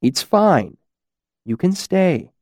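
A man's voice: medium pitch, very animated, normal speed, a little mellow, no room sound, clean studio sound, lightly acted. A man voicing a stern, eccentric university master who gives clipped orders, read as an audiobook character. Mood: gentle.

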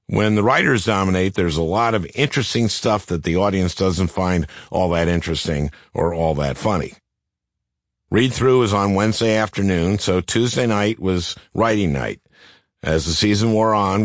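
Deep-voiced older man, deadpan memoir narration. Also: no room sound. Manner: dry, deadpan comic delivery. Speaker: author narrating his memoir.

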